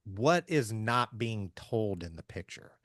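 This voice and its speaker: A man from Southeast Missouri, hosting a casual business chat in an energetic, folksy way. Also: fairly low pitch, slow, no room sound, studio quality. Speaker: podcast host.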